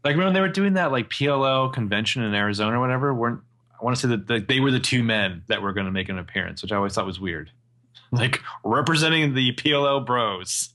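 Guy with a crisp bright voice co-hosting a podcast, jokey and a bit sweary. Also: medium pitch, expressive, quick pace. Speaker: podcast co-host. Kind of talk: casual chat.

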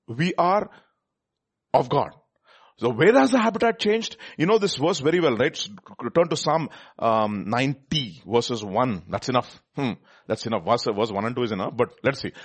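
A man's voice: mid-range voice, lively intonation, moderate pace, husky. A man preaching a sermon, reading scripture aloud, asking his listeners questions and laughing often.

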